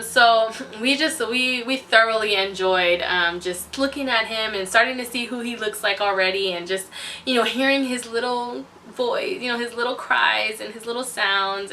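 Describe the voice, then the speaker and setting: A woman's voice: on the high side, bright, forceful tone, slight background noise. A young adult woman vlogger telling her story in an effusive, chatty way, full of exclamations. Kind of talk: casual storytelling to camera. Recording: voice distant from the mic.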